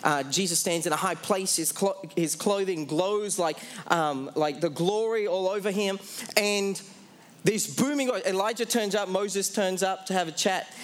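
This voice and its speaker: In his sermon, a high-pitched man addresses the congregation with questions he answers on his own. He slows down sharply whenever he hits the important phrases.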